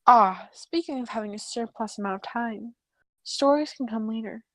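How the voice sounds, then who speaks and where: A woman reading the chat lines of a smarmy teenage boy who flatters with flowery, overly formal words. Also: fairly high pitch, moderate pace, no echo, close to an everyday voice. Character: smarmy teen boy chatting online.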